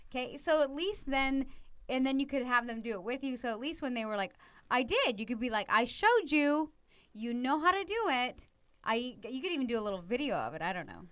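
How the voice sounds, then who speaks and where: A woman's voice: a little high, animated, fast talker, a bit bright, clean tone, dry recording. A middle-aged woman co-hosting a podcast, chatting casually with her husband, acting out quoted lines and saying 'like' often. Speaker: podcast co-host.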